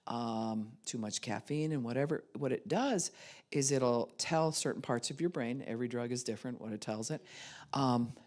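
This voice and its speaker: An older woman pastor giving a sermon, telling stories and acting out the voices in them. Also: rumbling low. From United States. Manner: animated storytelling, acts out voices.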